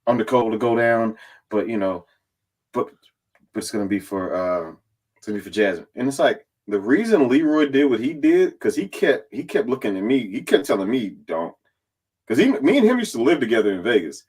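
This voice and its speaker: A man sits in as a podcast guest and tells a behind-the-scenes story, loose and animated. He swears often and slips into the voices of the people he quotes. His pitch sits in the middle range for a man. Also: fairly quick, husky. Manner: animated and profane, acting out others' lines in quotes. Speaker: reality competition contestant and guest. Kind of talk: casual storytelling recap.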